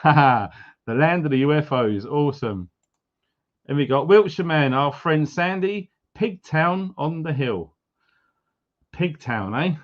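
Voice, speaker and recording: Middle-aged english guy greeting viewers on a livestream, chatty, jokey, bit dull lo-fi sound. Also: mid-range voice. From England. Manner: chatty and upbeat, jokey asides. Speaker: livestream host. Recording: slightly dull lo-fi audio.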